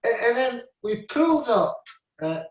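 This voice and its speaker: A man's voice: very high voice, very animated, measured pace. A Scottish man in his seventies, a former footballer telling rambling stories in a casual interview, full of "I said" and "you know". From Scotland. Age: 70s. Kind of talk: casual storytelling. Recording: echoey room, mic at a distance.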